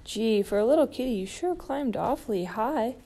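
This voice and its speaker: A woman's voice: a little high, expressive, normal speed, vocal fry, dark tone. A woman voicing a cheerful, childlike giant bird in a storybook read-aloud, eager and wondering. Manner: eager, wondering, sometimes plaintive.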